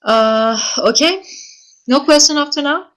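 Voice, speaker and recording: A woman lecturer giving an online class, answering written questions from students and speaking haltingly with frequent pauses and self-corrections. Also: high voice, a bit bright. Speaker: university lecturer.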